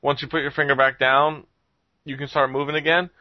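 A man's voice: a little high, level tone, a little fast, no room sound, dull audio. A man hosting a casual podcast chat, rambling with lots of ums and frequent chuckles. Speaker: podcast host reviewing games.

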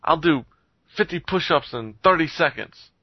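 A man's voice: fairly high pitch, expressive, moderate pace, no echo, muffled recording, pitched above the performer's own voice. A man voicing a pushy middle-aged male street hustler who keeps repeating his boasts. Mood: insistent. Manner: insistent, repetitive boasting.

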